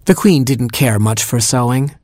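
A man reading a funny storybook aloud as narrator, wry and deadpan. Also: mid-range voice, moderate pace, no echo, studio quality.

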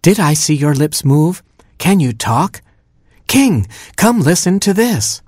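Storybook baboon queen, self-absorbed and whiny, done by a husky man pitched up, squeaky at the peaks. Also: moderate pace, no room sound, clean studio sound. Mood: astonished. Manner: whiny, dramatic, rising into high squeaks.

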